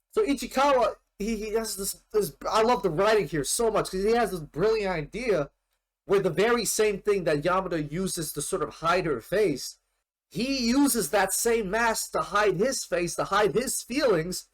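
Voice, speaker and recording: A man hosts an anime reaction, sharing his thoughts in relaxed, unscripted commentary. His voice sits fairly high for a man. He rambles, piles up restarts, and swears casually as the excitement takes him. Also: measured pace.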